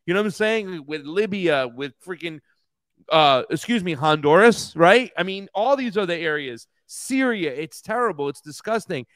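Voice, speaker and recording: A man's voice: sits high, animated, moderate pace, fairly bright tone, no room sound. A man co-hosting a casual political talk show, ranting heatedly with lots of profanity. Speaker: co-host.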